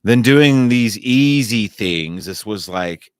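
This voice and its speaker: Man, slow rambling monologue, lowish voice, dry close sound, circles back and repeats himself, casual swearing. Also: lively intonation, clean tone, no room sound. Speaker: vlogger.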